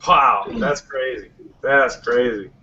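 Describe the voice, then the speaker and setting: A man's voice: mid-range voice, slow, sharp tone. A man with a Boston accent, a guest reviewer in casual podcast chat, easygoing and full of fillers. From Boston, USA. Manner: easygoing, hesitant with many fillers, swears casually. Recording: muffled lo-fi with faint hiss.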